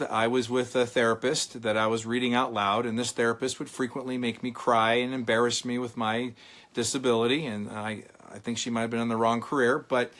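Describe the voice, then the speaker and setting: A middle-aged man, a motivational speaker, telling a personal story in an earnest, dramatic church talk with pauses for effect. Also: medium pitch, a bit bright.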